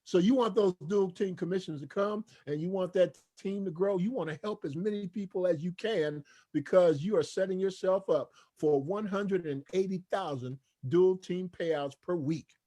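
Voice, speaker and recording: Man, higher-pitched voice, upbeat, preacher-style sales presenter. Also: moderate pace, hardly any pauses, dark tone. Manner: preachy, call-and-response; enthusiastic, repetitive hype.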